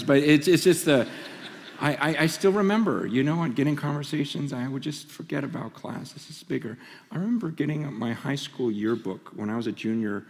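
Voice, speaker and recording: A man's voice: medium pitch, brisk. A man in his forties preaching at a conference, telling a personal story with passion and stammered restarts. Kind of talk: conference sermon. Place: large conference hall. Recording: long hall reverb.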